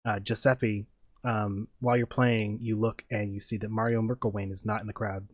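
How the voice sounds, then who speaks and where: A man's voice: fairly low pitch, level tone, normal speed, no echo. Casting: male game master, rambling, filler-heavy narration, dry close mic.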